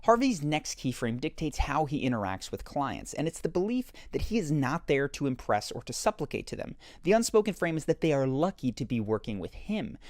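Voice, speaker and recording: Lively, explanatory male voice-over narrator. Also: a little high, brisk, few pauses, no room sound, clean studio sound. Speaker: commentator analyzing a TV character. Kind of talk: scripted video essay narration.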